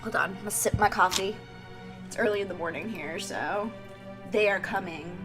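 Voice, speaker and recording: A woman's voice: medium pitch, brisk. A young woman giving playful, exclamatory commentary while playing a game. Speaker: let's play host. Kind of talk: casual gameplay commentary. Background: game music.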